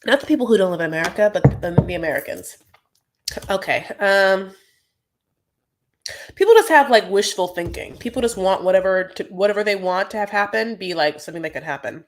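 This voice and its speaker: Female recap host, mid-pitch, loose and chatty, lots of fillers and asides. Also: animated, a little hiss or hum. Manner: chatty and rambling, many "like"s and quick asides. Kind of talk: casual live recap of a reality show.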